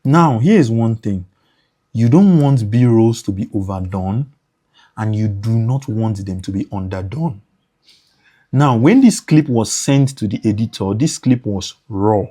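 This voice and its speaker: A man's voice: on the low side, animated, measured pace, warm tone. A man teaching motion design for editors in a screen-recorded tutorial, repeating points and thinking aloud as he works.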